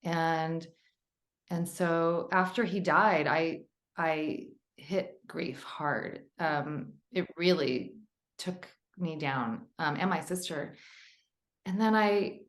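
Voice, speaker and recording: A woman's voice: sits low, takes it slowly, reverberant. Earnest woman telling a personal story. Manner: earnest, emotional, rambling storyteller. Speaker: author guest. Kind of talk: podcast interview storytelling.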